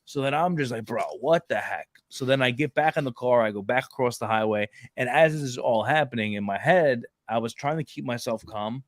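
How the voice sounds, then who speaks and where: A man in his thirties hosting a casual faith podcast, an animated storyteller who keeps saying "yo" and "bro". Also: medium pitch, fairly quick, hardly any pauses, no echo, clean studio sound. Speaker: podcast host.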